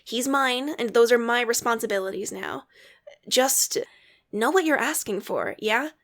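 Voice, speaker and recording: A woman voicing a gentle, affectionate, motherly woman in a fan story reading. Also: on the high side, unhurried. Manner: gentle, coaxing.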